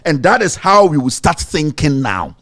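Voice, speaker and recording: A man with a Ghanaian accent hosting opinionated political commentary, speaking emphatically with drawn-out exclamations. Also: on the high side, sing-song, a bit bright.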